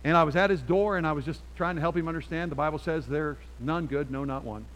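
A man preaching a sermon to a church congregation, switching between forceful appeals and quiet storytelling. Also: fairly high pitch, fast, poor audio. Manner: emphatic, swings from loud exhortation to quiet storytelling. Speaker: pastor.

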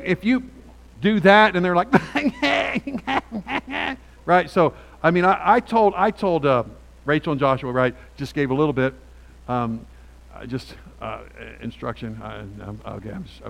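A man preaching a sermon from a Bible passage, talking in a halting way with many restarts and frequent rhetorical "right?"s. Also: medium pitch, creaky, a bit bright, rough recording.

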